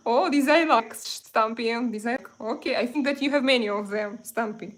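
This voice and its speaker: A woman in her thirties with a Russian accent hosts a casual livestream and chats straight to her viewers. Her voice sits a little high, and she talks in a loose, conversational way. She reads comments aloud and is quick to get heated. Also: a bit bright. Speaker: livestream host.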